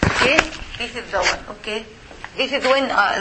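Patient higher-voiced woman teaching. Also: background noise. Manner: patient, repeats and models sounds slowly. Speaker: Arabic teacher. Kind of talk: classroom lesson. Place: mosque.

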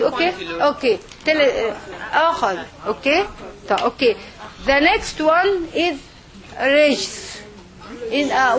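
An Arabic teacher with a high, fairly bright voice takes her students through the letters, saying each word slowly and patiently so they can follow. Around her, a crowded class of women makes the recording noisy.

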